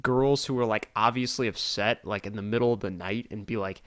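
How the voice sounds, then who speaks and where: A man's voice: on the low side, brisk, a bit bright, clear, resonant tone, no room sound. A young man co-hosting a podcast in casual chat, laid-back with dry remarks. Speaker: podcast co-host.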